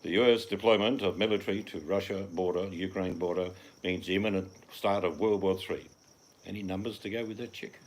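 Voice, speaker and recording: A man's voice: deep voice, fairly even intonation, brisk, a little mellow, slight background noise. An older man with an Australian accent, hosting a casual live chat from home and reading out comments, talking in a blunt, rambling way with the odd swear. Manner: blunt, chatty, swears offhandedly. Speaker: livestream host reading chat. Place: at home in the evening.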